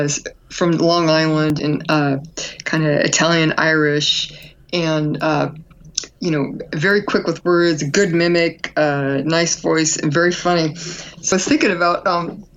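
A woman co-hosting a podcast, telling stories in a chatty, animated way. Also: fairly low pitch, moderate pace, lo-fi sound. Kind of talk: casual chat.

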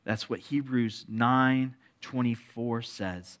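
A man preaching a sermon as pastor, dropping to hushed asides and rising into emphatic appeals, with joking asides to the congregation. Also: mid-range voice, slow pace.

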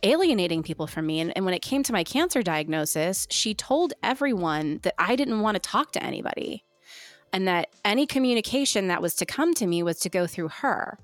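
A woman's voice: mid-range voice, very animated, brisk, no room sound, faint music behind. A woman co-hosting a podcast, telling a personal story candidly in casual chat and quoting what others said. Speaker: podcast co-host sharing her story.

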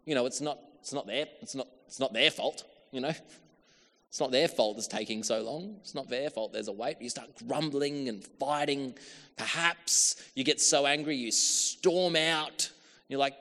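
Preacher in a reverberant hall. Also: male voice, medium pitch, moderate pace. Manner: storytelling with acted-out quotes, shifts from hushed to calling out. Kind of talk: sermon.

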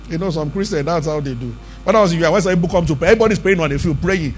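A man with a notably high voice preaches a midweek sermon. He speaks emphatically and conversationally, pressing his points with rhetorical questions, while faint music sits underneath. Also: lively intonation, fast talker, a bit bright. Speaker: pastor.

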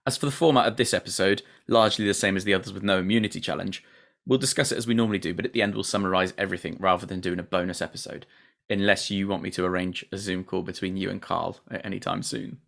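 A man's voice: sits low, steady tone, fast talker, gravelly, a bit bright. A man hosting a podcast, recapping a TV episode in sweary, laughing casual chat. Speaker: podcast host.

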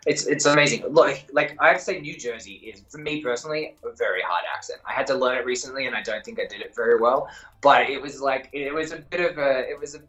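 Australian man, actor, interview guest, bright voice, rambling, filler-heavy talk. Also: medium pitch, fast talker, low-quality recording. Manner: rambling, self-correcting, lots of fillers. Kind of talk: casual interview chat.

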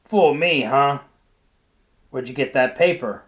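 Brief: a man playing a rough, explosive country husband in a storybook reading, blustering and loud. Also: mid-range voice, normal speed, lightly acted. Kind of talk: reading a short story aloud.

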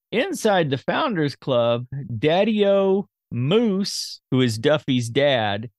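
A man hosting a podcast, summarizing a movie plot scene by scene in a steady, informal way. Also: on the high side, dry recording, studio quality.

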